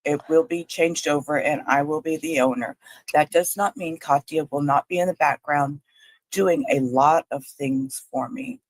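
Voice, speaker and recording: Lower-voiced motherly woman, emotional streamer, frequent throat clearing. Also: normal speed, no echo, low-quality recording. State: throat catching, clearing it often. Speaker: livestream co-host. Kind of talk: casual livestream chat.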